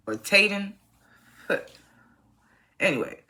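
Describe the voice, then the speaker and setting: A young adult giving a casual recap and review of a TV episode. The delivery is blunt, profane and exasperated, and climbs into animated rants. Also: mid-range voice, very slow. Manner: animated, rising to loud rants. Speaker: TV show reviewer.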